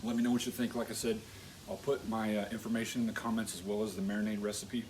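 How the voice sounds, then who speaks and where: Man, lowish voice, casual cooking demo, folksy, filler words, faint outdoor background. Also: quick pace, a little hiss or hum, rough recording. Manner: relaxed, folksy, with frequent fillers and restarts. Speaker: cook team captain demonstrating a recipe. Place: outdoor grill setup.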